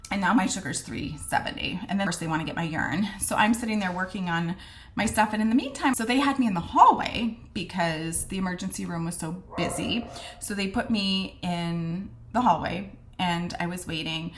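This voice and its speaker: A woman's voice: lowish voice, expressive, brisk. Chatty woman telling her story. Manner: chatty, retells scenes with quoted dialogue; frank, with mild swearing and many fillers. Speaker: vlogger sharing her diagnosis story. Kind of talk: casual storytelling to camera.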